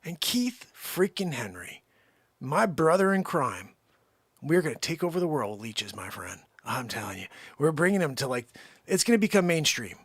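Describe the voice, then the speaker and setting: A man hosting a live stream with a slightly high voice, rambling through effusive shout-outs to his viewers. The sound is dry and close, with no room around it. His casual chat runs loose and upbeat. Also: big pitch swings, moderate pace, breathy edge, dry recording. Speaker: livestream host.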